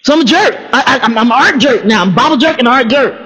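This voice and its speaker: A man, an artist, telling a personal story in a casual monologue, excitable and repeating phrases for emphasis. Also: extremely high pitch, quick pace, big-room sound, low-quality recording.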